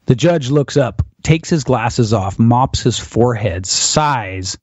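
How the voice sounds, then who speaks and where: A man's voice: mid-range voice, animated, slow, hardly any pauses, husky, no echo. A man from the United States, a guest on an interview podcast, telling a vivid personal story and acting out what others said. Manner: vivid storyteller who chuckles and acts out quotes. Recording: dull, dry lo-fi audio.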